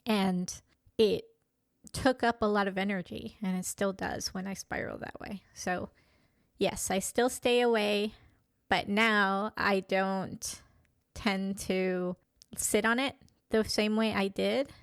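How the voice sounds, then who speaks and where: A woman in her fifties talking candidly in a reflective personal monologue, pausing and restarting as she thinks. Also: medium pitch, fairly even intonation, clean tone, no room sound, clean studio sound. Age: 50s. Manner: thoughtful, candid, with frequent pauses and restarts. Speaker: vlogger.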